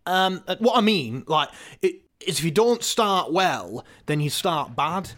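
A man's voice: fairly high pitch, lively intonation, a little slow, a bit bright. An actor playing a dim male football captain who rambles hesitantly on TV. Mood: rambling. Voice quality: rambling, hesitant, full of fillers.

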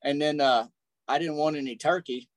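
Southern man guesting on a podcast, unhurried country talk, dry sound. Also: on the high side, dry recording. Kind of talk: casual chat.

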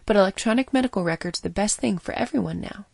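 A woman's voice: medium pitch, fast talker, creaky, darkish tone, no echo. A woman voicing a touchy, suspicious hospital nurse who answers in a snippy, defensive way.

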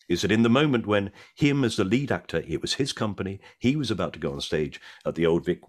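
An older man, an actor, telling anecdotes as a podcast guest in an animated way. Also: low voice. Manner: animated raconteur. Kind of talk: anecdotal storytelling.

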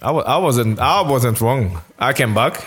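A man's voice: medium pitch, lively intonation, moderate pace, a bit bright, slightly rough, soft background music. A man from France, answering interview questions in a hesitant, word-searching way. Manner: hesitant, searching for words with many restarts. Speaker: interview guest, former footballer. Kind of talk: casual conversational interview.

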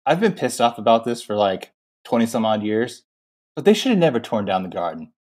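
A young adult man co-hosting a podcast, talking in animated tangents full of fillers. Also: mid-range voice, brisk. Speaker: podcast co-host. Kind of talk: casual film recap chat.

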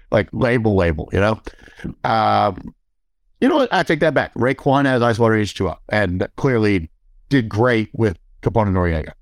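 A man's voice: mid-range voice, dry recording, studio quality. A man casually telling a long, profane story, acting out quoted dialogue and laughing as he goes.

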